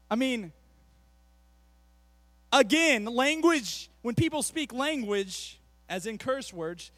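A man preaching a sermon as a youth pastor, animated, with rapid asides between slow, emphatic phrases. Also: very high-pitched, no room sound. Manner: animated, acts out quotes in a mocking voice.

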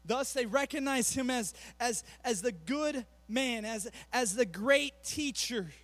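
A man preaching a sermon as a youth pastor, animated, with rapid asides between slow, emphatic phrases. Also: very high voice, dry recording. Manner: animated, acts out quotes in a mocking voice.

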